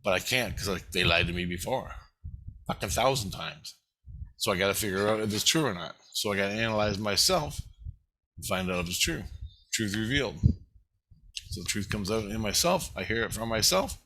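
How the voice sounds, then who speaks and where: Guy ranting on his vlog, swears nonstop, sharp bright voice, all worked up. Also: on the low side, animated, fairly quick. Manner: profane, agitated, swears constantly. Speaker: vlogger. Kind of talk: rambling first-person monologue.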